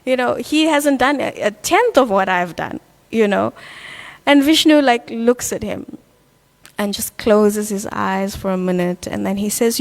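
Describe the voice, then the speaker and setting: A woman teaching a devotional scripture class, telling a story in a lively way with many fillers. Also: mid-range voice, measured pace, gravelly. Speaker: class speaker.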